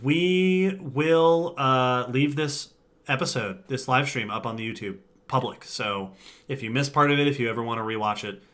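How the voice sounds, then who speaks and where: Bright chatty guy rambling through a podcast livestream wrap-up, laughs a lot, reads the chat out. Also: mid-range voice, normal speed. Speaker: podcast co-host. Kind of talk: casual livestream sign-off chat.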